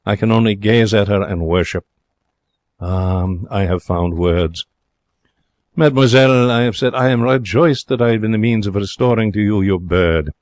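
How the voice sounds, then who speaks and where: A man playing an excitable young Frenchman. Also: lowish voice, moderate pace, no room sound, lightly acted. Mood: wistful. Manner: broken English, theatrical and emotional. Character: young excitable romantic Frenchman, former hotel cashier. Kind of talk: 1940s radio drama narration.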